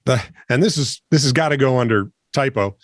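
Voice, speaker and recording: A man co-hosting a comedic news podcast, trading deadpan quips and banter in casual chat. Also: mid-range voice, fairly quick, no room sound, studio quality. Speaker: podcast co-host.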